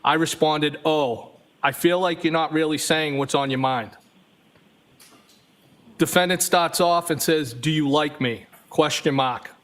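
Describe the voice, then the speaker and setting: A man's voice: on the high side, measured pace, a bit bright. A man testifying as a trial witness, reading text messages aloud evenly and speaking the punctuation marks.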